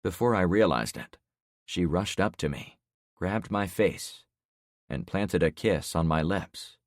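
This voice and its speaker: Deep-voiced male audiobook narrator. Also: a little slow, no room sound, clean studio sound. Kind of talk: scripted first-person narration.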